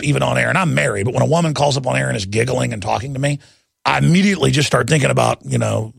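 Gravelly ranting male radio host. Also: a little high, a bit bright, no echo, studio quality. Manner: heated, ranting, jumps between news items; mocks opponents in put-on voices. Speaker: radio talk show host. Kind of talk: ranting talk radio monologue.

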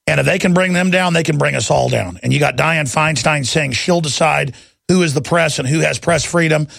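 A man's voice: fairly high pitch, fairly quick, gravelly, a bit bright, dry recording, studio quality. A man hosting a talk radio show, ranting heatedly from one news item to the next and mocking his critics. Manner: heated, ranting, jumps between news items; mocks opponents in put-on voices.

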